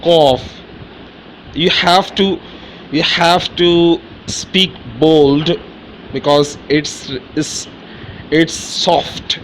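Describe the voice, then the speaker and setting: A man teaching letter sounds in a lesson, repeating each one slowly and explaining in simple, halting English. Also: a little high, fairly even intonation, a bit bright, a little hiss or hum, rough recording. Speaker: Urdu teacher. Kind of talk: slow pronunciation lesson.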